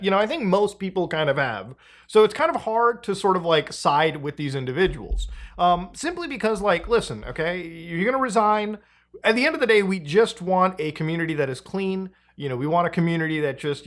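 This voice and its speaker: A male host talking through online drama in a loose, casual commentary style. His pitch swings widely as he gets worked up, and he laughs and swears freely along the way. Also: a bit bright.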